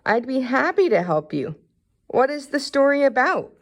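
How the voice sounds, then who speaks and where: A woman's voice: high-pitched, big pitch swings, normal speed, pitched above the performer's own voice. A woman voicing a chubby, sweet-loving boy god with an elephant's head in a storybook reading, childlike in manner. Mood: eager. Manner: childlike, whiny when upset.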